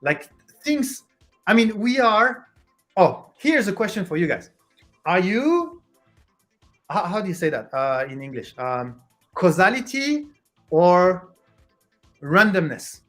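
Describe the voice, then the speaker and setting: A host chatting casually with viewers on a livestream, halting and restarting while hunting for the right English word. The voice sits at a middling pitch, with soft music faintly underneath. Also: very animated. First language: French. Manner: hesitant, searches for English words, restarts a lot.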